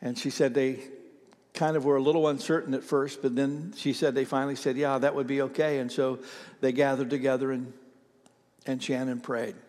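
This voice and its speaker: A man preaching a sermon as pastor, telling a story conversationally with frequent fillers and pauses. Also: medium pitch, level tone, darkish tone, long reverb tail.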